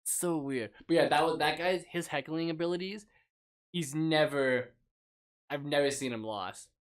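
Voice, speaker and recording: A young man co-hosting a casual podcast, retelling stories in an animated way and laughing often. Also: on the high side, moderate pace. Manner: animated storyteller, laughs a lot. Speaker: podcast co-host. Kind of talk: casual chat.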